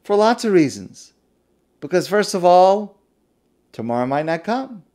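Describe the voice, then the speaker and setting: Rabbi guy giving a torah talk, slow and deliberate, voice rises and falls a lot, leans on key words. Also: high-pitched, big pitch swings, a little mellow. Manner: emphatic, repeats key words for stress.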